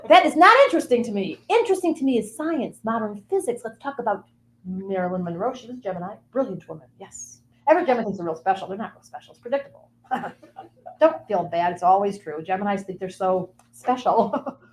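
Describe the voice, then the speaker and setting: A woman's voice: medium pitch, lively intonation, brisk, slight background noise. A woman guest delivering a playful, rambling comic monologue in character, with sing-song asides.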